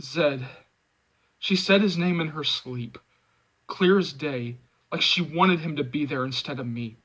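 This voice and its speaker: A man hosting a movie fan channel, reading a book excerpt aloud and then chatting casually about it in an animated way. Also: on the high side, measured pace, breathy edge, low-quality recording. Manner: animated, expressive.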